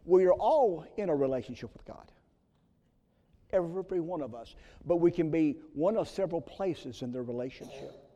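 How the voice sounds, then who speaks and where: A man preaching a sermon as pastor, swinging between loud emphasis and hushed whispers. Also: a little high. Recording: long reverb of a large hall.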